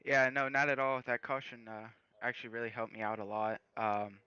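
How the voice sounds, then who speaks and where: A man interviewed after finishing second in a race, speaking hesitantly with many pauses and fillers. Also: mid-range voice, little pitch movement, sharp tone, clear, resonant tone, dry recording, lo-fi sound. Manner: hesitant, lots of fillers, modest. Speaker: sim racing driver, second place.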